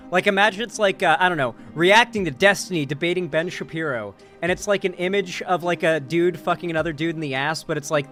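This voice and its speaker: A man's voice: on the high side, a bit bright. A man streaming casual commentary, rambling with many repeated words and restarts. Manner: rambling, repeats words, laughs at own jokes.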